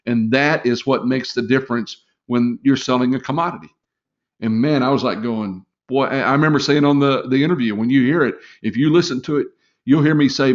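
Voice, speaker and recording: A middle-aged man hosts a sales training webinar in a folksy, encouraging way, with plenty of fillers and restarts. His voice sits at an ordinary pitch. The audio is somewhat dull and lo-fi. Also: a little fast. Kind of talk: casual live webinar talk.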